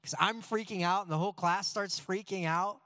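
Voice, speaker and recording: High-voiced earnest male preacher. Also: normal speed. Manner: earnest, animated, self-deprecating. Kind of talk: sermon with personal storytelling.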